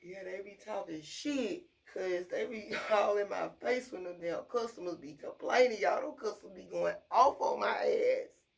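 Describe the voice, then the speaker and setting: A woman, ranting casually and bluntly about her fast-food job, full of profanity. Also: mid-range voice, vocal fry. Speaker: vlogger. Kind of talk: casual rant to camera.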